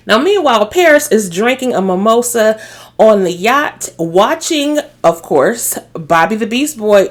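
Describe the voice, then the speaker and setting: A woman casually recapping a TV episode, acting out the characters' lines and laughing as she gossips. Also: on the high side. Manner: animated, acts out characters' lines in quotes; gossipy, laughs while talking. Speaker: show recap host.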